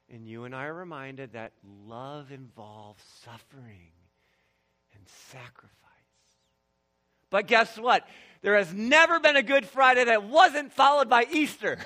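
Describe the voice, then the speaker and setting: A male pastor preaching a sermon in an animated way, swinging between shouted lines and hushed ones, with laughs between points. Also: a little high.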